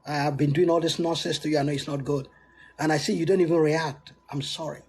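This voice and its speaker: A man acting out a remorseful husband who apologizes to his wife in a low, contrite voice. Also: fairly even intonation, fast, a little mellow, breathy edge.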